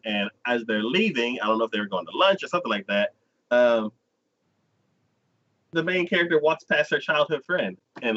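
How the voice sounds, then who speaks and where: Lively rambling man, lo-fi mic. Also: mid-range voice. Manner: rambling retelling, laughing often. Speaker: podcast host. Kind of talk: casual anime review chat. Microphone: desk podcast mic.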